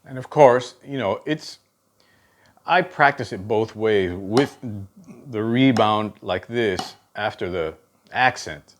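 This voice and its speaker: Lower-voiced man teaching drum technique. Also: lively intonation, slow. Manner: counts beats aloud, often checks in with okay. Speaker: drum instructor.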